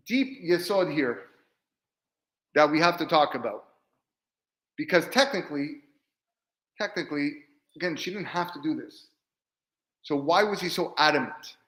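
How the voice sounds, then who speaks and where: A man, a rabbi, teaching a weekly Torah class in a lively way, acting out bits of dialogue and often repeating words. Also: fairly high pitch, roomy sound, low-quality recording. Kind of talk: Torah lesson.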